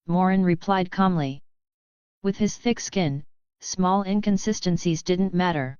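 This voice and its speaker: A woman reading a web novel aloud as an audiobook narrator, in an even, measured way. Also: on the low side, clear, resonant tone, no room sound, lo-fi sound. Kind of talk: scripted narration.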